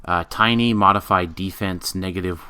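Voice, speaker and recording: Low bright-toned guy on a podcast, reads card stats out, lots of ums, kinda tired. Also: steady tone, normal speed, clean tone. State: yawning, tired. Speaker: podcast co-host. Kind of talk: casual game review chat.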